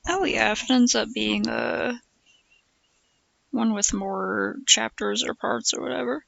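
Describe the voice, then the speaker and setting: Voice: mid-range voice, unhurried, vocal fry, pushed and bright, no echo. A streamer chatting casually, rambling through asides and laughing often. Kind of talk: casual chat.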